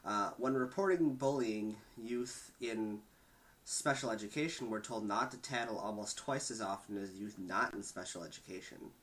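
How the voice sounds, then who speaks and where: A man hosting a discussion who reads statistics aloud in a steady, measured way, with occasional small stumbles. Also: on the low side, rough recording. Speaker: podcast host reading statistics.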